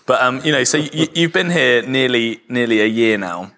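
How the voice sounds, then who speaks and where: A chatty man co-hosts a relaxed podcast. His voice is bright and forceful, and his pitch sits mid-range. He laughs often and trips over his words as he goes. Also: normal speed. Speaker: podcast co-host. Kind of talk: casual podcast chat.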